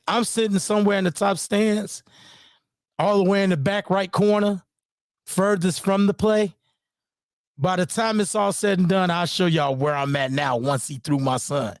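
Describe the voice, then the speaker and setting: A father breaking down his son's game footage in casual screen-share commentary, heated and profane, repeating "boom" as he points things out. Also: no room sound, clean studio sound. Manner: heated, profane, repeats "boom" and "you know what I'm saying".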